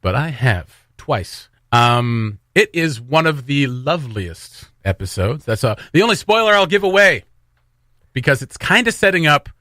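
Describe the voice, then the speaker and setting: A Canadian man co-hosting a morning radio chat, his speech swinging up and down with a bright, forceful edge. He rambles and jokes as he talks. The sound is dry and close. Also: mid-range voice, sing-song, a little slow, no echo. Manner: rambling, jokey, puts on silly voices. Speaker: radio show co-host. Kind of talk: casual chat.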